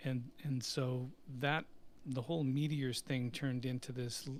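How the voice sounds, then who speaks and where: A man's voice: mid-range voice, unhurried, slight background noise. A middle-aged man, a company CEO and musician, telling stories in a live Q&A and acting out the voices of people he quotes. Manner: animated anecdote-telling, acts out quoted voices, laughs often. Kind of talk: casual storytelling in a live Q&A.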